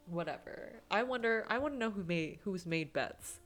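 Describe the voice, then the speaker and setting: A woman's voice: medium pitch, expressive, moderate pace, a bit bright, faint music behind. A young woman hosting a gaming channel, chatting casually and giggling while she plays and reads a visual novel aloud. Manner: chatty, giggly, with many fillers. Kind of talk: casual let's-play commentary and narration.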